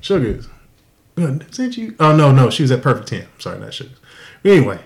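A man hosting a podcast, telling a crude story in a profane, animated way and laughing often. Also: mid-range voice, a little fast, gravelly. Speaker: podcast host. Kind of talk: casual storytelling.

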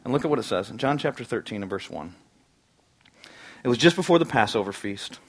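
A man's voice: medium pitch, animated, a little fast. A man pastor preaching a sermon, earnest and conversational, with sudden bursts of emphasis.

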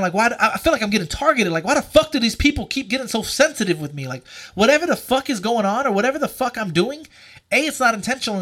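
A young man, a podcast co-host, telling a story in casual chat. He is profane and animated, and he shouts the lines he quotes. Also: extremely high pitch.

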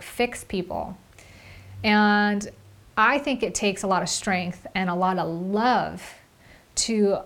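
Young woman, solo podcast host, sincere and emotional, reflective monologue, everyday mid-pitched voice. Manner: earnest, heartfelt, with frequent "like" fillers.

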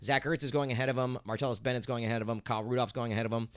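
A man co-hosting a relaxed sports chat, reeling off rankings and numbers one after another. His voice sits at an ordinary middle pitch. The recording is dry, with no room sound. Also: racing, dry recording. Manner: rattles off player rankings and stats. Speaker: podcast co-host. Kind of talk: casual fantasy football chat.

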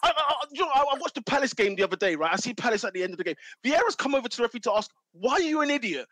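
A man's voice: extremely high pitch, big pitch swings, rapid-fire, a bit bright, no room sound. A man arguing about football, ranting and exasperated, repeating his points. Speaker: football pundit. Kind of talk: heated football argument.

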